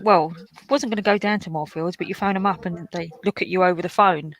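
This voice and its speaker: A woman's voice: on the low side, steady tone, fairly quick, few pauses, dry recording, low-quality recording. A woman hosting a live colouring stream, telling chatty anecdotes in casual talk. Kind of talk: casual chat.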